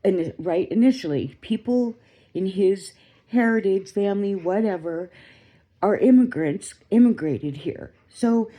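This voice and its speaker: A woman's voice: mid-range voice, expressive, unhurried, dark tone. A woman ranting in a rambling, indignant way, with swearing, recorded on a phone at home. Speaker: vlogger. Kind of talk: casual ranting commentary to a phone.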